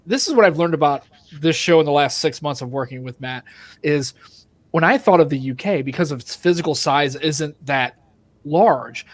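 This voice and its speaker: A man from the United States, a podcast co-host in casual chat who talks fast, sounds exasperated and swears freely. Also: a little high, dry recording.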